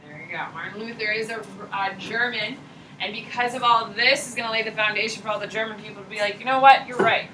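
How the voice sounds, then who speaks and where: A woman teaching a high school history class, blunt and slangy, firing questions at her students. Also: steady tone, quick pace, noisy background. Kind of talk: classroom lecture. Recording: echoey classroom, mic far off.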